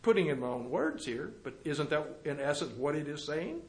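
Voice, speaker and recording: A man preaching a sermon, reading scripture aloud and explaining it, with rhetorical questions and sudden drops to a quiet, low voice. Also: big pitch swings, moderate pace, vocal fry. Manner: swings from loud emphatic reading to low quiet asides.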